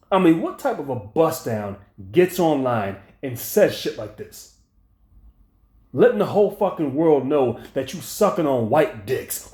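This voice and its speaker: Speaking in a fairly high, warm voice, a man hosts a commentary video and delivers a heated rant full of profanity and mockery. The recording has the sound of an echoey room.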